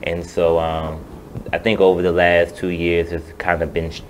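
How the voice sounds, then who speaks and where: A man's voice: low voice, flat delivery, moderate pace, slight background noise, poor audio. A man in his thirties, a musician guest on a radio show, talking in an earnest, rambling way. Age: 30s. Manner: earnest and rambling, many "um" and "you know". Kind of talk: casual interview chat.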